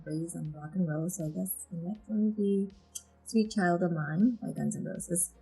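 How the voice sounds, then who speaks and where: A woman's voice: lowish voice, moderate pace, mellow, slightly rough, soft background music, rough recording. A woman guest, a photographer, talking in an earnest, heartfelt way in a casual interview, rambling a little with fillers. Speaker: guest, photographer and agency founder.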